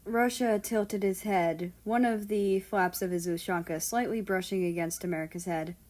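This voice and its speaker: A woman reading fan fiction aloud as an audiobook, in a calm, measured narration. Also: mid-range voice. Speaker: audiobook reader.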